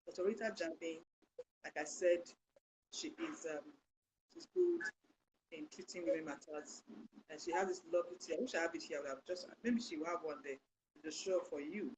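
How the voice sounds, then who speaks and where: A woman hosting a Christian health talk show, speaking in a lively, sermon-like way with loud bursts for emphasis. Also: low voice, a little fast, background noise. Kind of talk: live online talk show, preachy storytelling.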